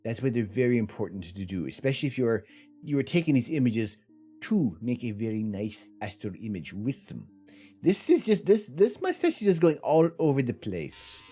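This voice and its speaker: A man's voice: medium pitch, sing-song, moderate pace, long pauses, warm tone, soft background music, voice pushed up. A man voicing a sniveling mustached character with a wandering put-on accent, as a livestream bit. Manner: sniveling, exaggerated greetings.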